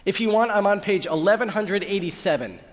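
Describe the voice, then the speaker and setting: A man's voice: high-pitched, lively intonation, a little fast. A man who is a rabbi, giving a sermon and telling a joke as a story, acting out the voices of its characters. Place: large synagogue sanctuary. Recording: long hall reverb.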